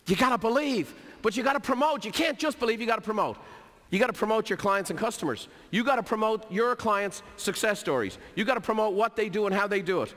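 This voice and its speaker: A middle-aged man giving an energetic motivational business talk, telling stories and repeating key phrases for emphasis. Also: sits high. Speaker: keynote speaker. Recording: hall reverb.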